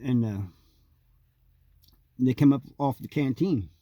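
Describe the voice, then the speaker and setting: A man host telling a long personal story in a casual, rambling way, with frequent pauses and fillers. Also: medium pitch, warm tone, dry recording. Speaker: host telling prison stories.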